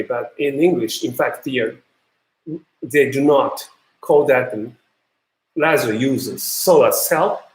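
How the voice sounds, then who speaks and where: Japanese-accented guy lecturing in english, slow and halting, lots of uh and um, echoey room. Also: mid-range voice. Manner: halting, many fillers and restarts. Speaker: university lecturer. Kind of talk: recorded lecture.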